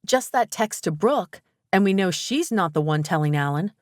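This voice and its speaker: A woman audiobook narrator voicing a spirited, quick-tempered young woman in a romance story, in an emphatic, rising tone. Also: lowish voice, lively intonation, no room sound, clean studio sound, close to an everyday voice. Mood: worried.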